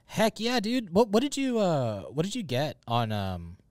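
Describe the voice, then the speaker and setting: A man hosts a casual gaming podcast in an upbeat, teasing way. His voice sits fairly high and swings widely in pitch. The sound is close and dry. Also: wildly swooping pitch, measured pace, darkish tone, no echo. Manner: upbeat, hype-style introductions with teasing banter. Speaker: show host.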